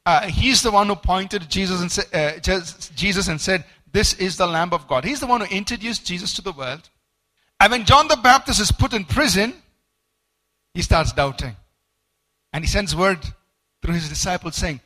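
A male preacher teaches a sermon from a study book, his voice high and ringing bright. He grows animated as he acts out quoted speakers, and he stumbles through repeated words and fillers along the way. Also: moderate pace.

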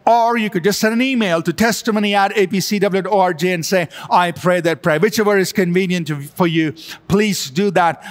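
A man with a high voice preaches a sermon from a church sanctuary. He stretches his phrases slowly and lifts them for emphasis. The sound carries the long reverb of a large hall. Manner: slow, drawn-out preaching with emphatic rises. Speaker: pastor. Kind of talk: sermon with altar call prayer.

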